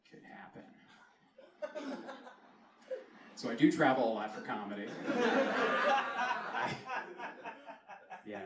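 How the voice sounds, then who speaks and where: A young man with a Baltimore accent performs stand-up comedy. His voice sits high for a man and swings widely up and down as he spins animated, playful stories. He delivers the set from a comedy club stage. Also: slow, long pauses, noisy background. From Baltimore, Maryland.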